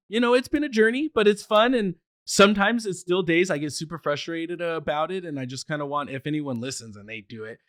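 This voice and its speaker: A man's voice: on the high side, fairly bright tone, dry recording, studio quality. A man who stutters, talking eagerly as a podcast guest, with restarts and frequent laughs. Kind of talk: casual chat.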